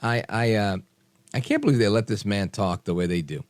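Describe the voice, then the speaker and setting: A man hosting a late-night talk radio show, animated and opinionated with quick asides. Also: lowish voice, no room sound. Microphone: studio microphone.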